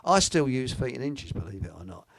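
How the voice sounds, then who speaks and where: A man's voice: medium pitch, big pitch swings, brisk, gravelly, dry recording. An older man hosting a casual radio chat, rambling and joking as he reads out listener comments. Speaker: host.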